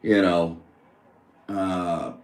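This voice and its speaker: गूंजती लाइन पर बिखरी-बिखरी बातें करता आदमी. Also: male voice, low-pitched, fairly even intonation, extremely slow. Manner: rambling, lots of fillers and restarts. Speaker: caller on a live call-in stream. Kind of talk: casual chat. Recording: roomy echo on the line.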